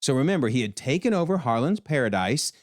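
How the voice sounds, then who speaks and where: A man giving an animated TV episode breakdown, exclaiming often as he comments. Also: mid-range voice, fast, no room sound, clean studio sound. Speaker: video commentator.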